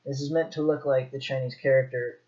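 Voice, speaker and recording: A man teaching Mandarin pronunciation in a slow, demonstrative way, repeating each sound. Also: mid-range voice, fairly even intonation, a little mellow, lo-fi sound. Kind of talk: pronunciation lesson.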